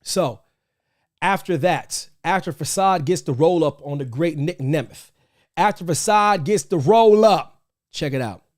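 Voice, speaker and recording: A man hosting a live wrestling reaction stream, hyped and repetitive, breaking into shouts and chants. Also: a little high, unhurried. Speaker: host of a wrestling reaction show.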